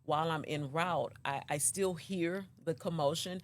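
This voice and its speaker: Halting mother recounting events. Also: low-pitched. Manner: halting, many ums and restarts. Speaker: mother of the accused.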